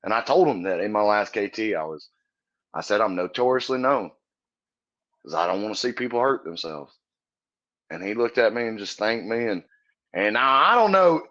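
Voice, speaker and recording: A man's voice: lowish voice, normal speed, long pauses, pushed and bright, dull audio. A comedian guest on a podcast, a man telling stories in a casual, earnest and profane way, often laughing as he talks. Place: Texas.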